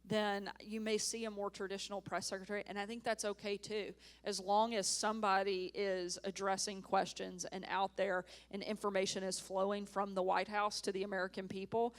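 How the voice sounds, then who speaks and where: Woman, thirties, onstage interview, emphatic, earnest, level pitch. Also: normal speed, hardly any pauses. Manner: earnest, emphatic, even-toned. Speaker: former press secretary. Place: conference stage.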